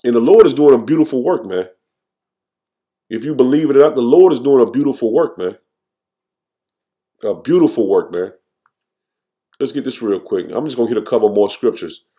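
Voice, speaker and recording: A man teaching scripture informally, tagging nearly every phrase with "man" and reading verses slowly with restarts. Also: mid-range voice, expressive, mellow. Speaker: preacher.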